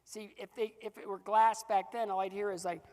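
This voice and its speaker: A man's voice: high-pitched, little pitch movement, a little fast, a little mellow, in a large hall. A man giving a motivational keynote to a live audience. He tells stories, acts out the dialogue and laughs often. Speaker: motivational speaker.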